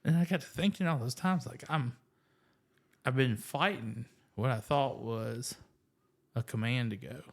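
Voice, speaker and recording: A man casually telling his faith story as a podcast guest, animated and self-deprecating, full of "like" and "you know". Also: mid-range voice, a little slow, vocal fry. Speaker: guest sharing testimony.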